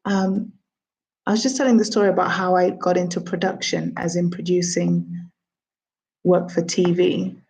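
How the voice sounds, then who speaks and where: A woman's voice: lowish voice, flat delivery, moderate pace, gravelly, darkish tone, poor audio. A woman in her thirties, a TV producer, chatting casually on a livestream, answering her own questions and greeting viewers. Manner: chatty, talks to herself and viewers.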